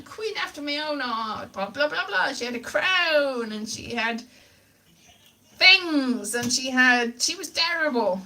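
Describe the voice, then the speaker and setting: A woman's voice: high-pitched, pushed and bright. A woman hosting a comic, rambling chat, playful and silly, slipping into put-on voices and nonsense sounds.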